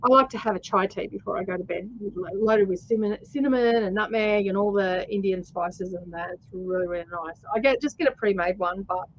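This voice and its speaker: A woman's voice: mid-range voice, a little fast, hardly any pauses, highs cut off, slight background noise. A woman with an Australian accent hosting a casual livestream, rambling through stories with lots of fillers and laughter. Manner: chatty storyteller, laughs often, many fillers. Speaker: host.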